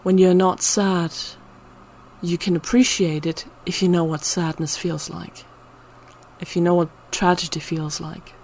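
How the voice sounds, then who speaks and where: A woman's voice: on the low side, level tone, a little slow, darkish tone, slight background noise. A woman talking in an unscripted personal ramble, emotional and close to tears, sometimes dropping to a whisper. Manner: emotional, on the verge of tears, drops to whispers at times. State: teary. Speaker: channel host.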